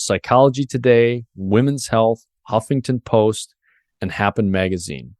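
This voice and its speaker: A man with a lowish voice hosts a podcast interview and tells an earnest personal story, picking up speed and restarting sentences as he goes. The sound is dry and close, with no room around it. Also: no room sound. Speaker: podcast host.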